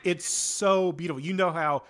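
A man's voice: sits high, fairly even intonation, normal speed. A man co-hosting a casual podcast, talking enthusiastically and rambling with fillers. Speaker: podcast co-host. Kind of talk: casual chat.

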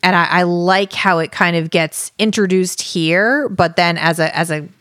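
A woman's voice: fairly low pitch, a little slow, a bit bright, no room sound, clean studio sound. A woman co-hosting a podcast, chatting casually about a book with many fillers, restarts and laughs. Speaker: podcast co-host.

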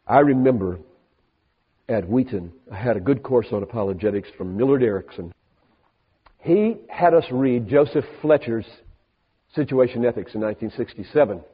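A man's voice: medium pitch, expressive, normal speed, long pauses, slightly rough. Older male pastor preaching in a reverberant hall. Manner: emphatic, shifting from soft asides to rising, preaching peaks. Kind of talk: sermon. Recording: hall reverb on a thin, phone-like band.

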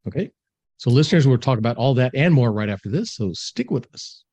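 A man hosting a podcast, asking interview questions in a brisk way with short affirmations. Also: mid-range voice, sing-song. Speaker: podcast host.

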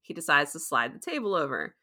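A woman talks through a recap in a relaxed, chatty way, laughing often. Her voice sits a little low but sounds bright and forceful. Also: a little fast. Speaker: podcast co-host recapping a TV episode. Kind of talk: casual chat.

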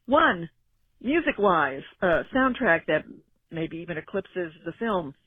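A woman's voice: lowish voice, sing-song, takes it slowly, husky, no echo. A woman leaving a voicemail for a podcast, rambling and stammering a little as she gives her picks. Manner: rambling, self-deprecating, stammering. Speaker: voicemail caller. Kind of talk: casual phone message. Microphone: phone. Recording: tinny phone line.

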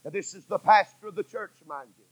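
A man, preaching a sermon that swings from loud cries to hushed tones. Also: sits high, fast, no echo, rough recording. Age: 40s.

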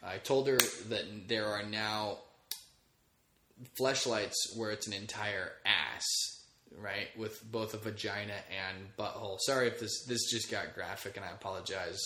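A man in his thirties rambles through a casual podcast monologue, crude and joking, swearing freely. His voice sits a bit low yet sounds bright and forceful. The room around him is echoey. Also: steady tone, measured pace, slight background noise. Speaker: podcast host.

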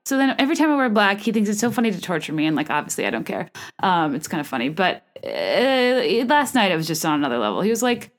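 A woman in her thirties talks alone into a microphone, rambling through funny stories about herself. Her telling is animated and self-mocking, with quick asides and little restarts. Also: medium pitch. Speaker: podcast host. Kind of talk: solo comedic podcast monologue. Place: small room. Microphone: studio microphone.

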